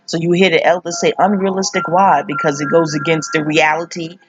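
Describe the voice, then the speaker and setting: A middle-aged woman reviewing a TV episode in casual commentary. She rambles and swears, breaks off to scold her computer, and her voice leaps high for emphasis. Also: level tone, a little fast, music in the background. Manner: profane, scattered, talks to herself and the screen. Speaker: TV show reviewer. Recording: dull lo-fi audio.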